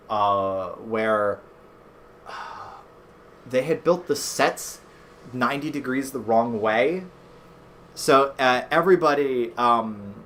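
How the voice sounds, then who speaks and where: A man's voice: medium pitch, fairly bright tone, a little hiss or hum. A man hosting a let's play, chatting casually and rambling with lots of fillers and swearing. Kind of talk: casual gameplay commentary.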